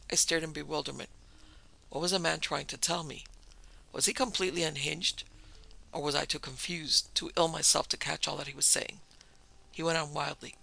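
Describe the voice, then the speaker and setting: A man reading a horror story aloud as narrator, in a measured, tense storytelling manner. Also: on the high side, steady tone, vocal fry, pushed and bright, poor audio. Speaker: narrator and producer.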